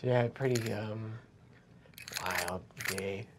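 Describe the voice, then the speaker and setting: A man's voice: lowish voice, drawn-out words, very noisy. A man voicing a shy, awkward teenage barbarian boy in a tabletop game, stammering and apologetic.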